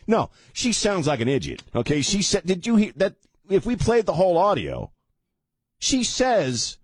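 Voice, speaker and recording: A man's voice: fairly high pitch, sing-song, a little fast, husky, dry recording. Sarcastic male radio host, mocking delivery, very dry studio mic. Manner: mocking, sarcastic, laughs at his own jokes. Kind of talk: sarcastic political commentary.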